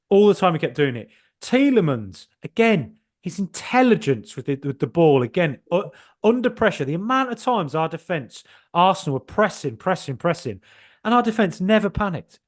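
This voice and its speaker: A man hosts a casual football podcast in an animated, joking way. He swears mildly and often breaks off and restarts his sentences. His voice sits fairly high. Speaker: podcast host.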